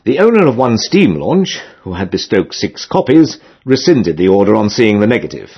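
A man narrating a comic novel in a lively, expressive way with dry humor, in a dull lo-fi recording. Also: on the low side, moderate pace, slightly rough. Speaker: audiobook narrator.

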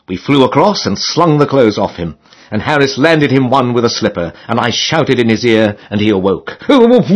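A man narrating a comic classic novel as an audiobook, with a dry, mock-solemn delivery. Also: mid-range voice. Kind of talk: scripted narration.

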